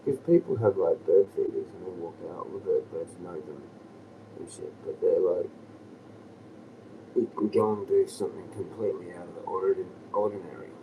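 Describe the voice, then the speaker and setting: Low-voiced man rambling on a live stream. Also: moderate pace, dark tone. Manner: loose and chuckling, often dropping to a whisper. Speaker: livestreamer. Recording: distant mic with clear outdoor noise.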